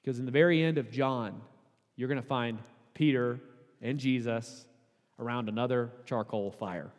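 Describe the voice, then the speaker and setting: A man preaching a sermon as pastor, conversational and casual, building to emphatic, louder peaks. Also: medium pitch, moderate pace. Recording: long hall reverb.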